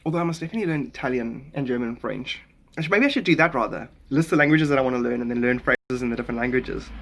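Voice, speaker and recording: A man's voice: mid-range voice, rapid-fire, a bit bright. A South African man hosting a casual live stream, greeting people by name as they drop in. He wanders from thought to thought, musing aloud in a loose, rambling way.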